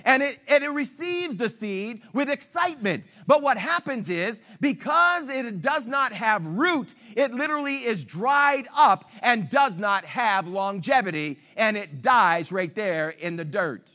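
A man preaching a sermon as pastor, animated and emphatic, teasing his listeners. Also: extremely high pitch, measured pace, few pauses.

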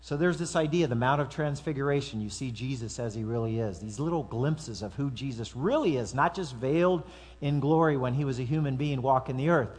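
A man's voice: medium pitch, fairly quick, a little mellow, husky. A man preaching a sermon to his congregation in a conversational way, with asides and acted-out quotes. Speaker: pastor.

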